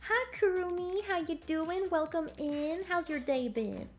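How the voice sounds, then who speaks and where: A woman's voice: very high voice, a little slow, soft background music. A woman streamer chatting casually with her viewers while gaming, bubbly and giggly, full of slang.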